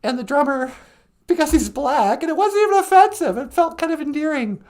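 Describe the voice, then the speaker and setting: A woman hosting a show, telling comic stories as a monologue, animated and laughing often. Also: high-pitched, brisk. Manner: animated storytelling with frequent laughs. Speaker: host. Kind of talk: comedic monologue.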